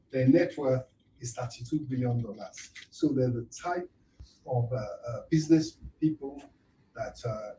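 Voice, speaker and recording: A man's voice: mid-range voice, dark tone, a little hiss or hum. A man speaking in a formal address, heard in a played clip. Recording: roomy, distant clip.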